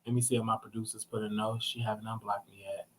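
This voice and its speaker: A man hosting a casual live stream, excitable and chatty, breaking into shrieks and repeated exclamations as he talks to viewers. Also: fairly low pitch, fast, heavy background noise. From Texas. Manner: chatty, addresses viewers directly.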